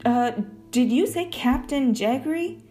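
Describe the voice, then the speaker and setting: A woman doing a gruff defiant dock porter. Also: high voice, unhurried, dark tone, faint music behind, voice pushed up. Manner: blunt, common speech.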